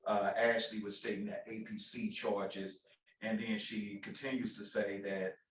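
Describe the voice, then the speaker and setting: A man moderating a panel, reading out audience comments in a halting way with many fillers. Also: on the low side, little pitch movement. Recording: roomy, distant audio.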